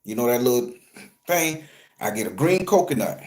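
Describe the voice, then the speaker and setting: A man who works as a spiritual reader, telling a story to his viewers in an animated, profane, conversational way. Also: mid-range voice, moderate pace. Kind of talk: storytelling vlog.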